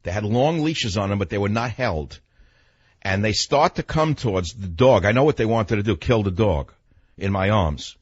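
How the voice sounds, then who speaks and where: Older man, radio host, husky, blunt and emphatic, dull lo-fi broadcast sound. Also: fairly low pitch, moderate pace, no echo. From New York. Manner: blunt, emphatic, animated storytelling. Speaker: radio talk show host. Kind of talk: monologue storytelling.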